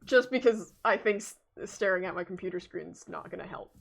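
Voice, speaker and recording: A woman's voice: fairly low pitch, fairly quick, creaky, slightly rough. A young Canadian woman with a Canadian accent, chatting casually to her viewers during a game stream, rambling with lots of fillers.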